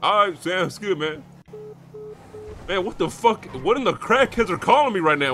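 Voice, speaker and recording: A man's voice: sits high, lively intonation, moderate pace, pushed and bright, faint music behind. A man in GTA roleplay, brash and mocking, trading street slang on the phone. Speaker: streamer playing his roleplay character.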